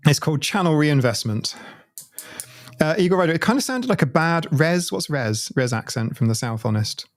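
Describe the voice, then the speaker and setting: A man's voice: on the high side, very animated, moderate pace. A British man chatting casually on a livestream from home, rambling and laughing often. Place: at home, watching his stream on a TV.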